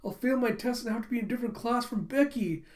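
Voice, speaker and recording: A frantic little schoolgirl from a comic, fretting in a rush of worried sentences and pitched up high, as a man puts her on while reading aloud. She sounds anxious and rambling. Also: normal speed, darkish tone, lightly acted. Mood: panicked. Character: small excitable girl schoolkid.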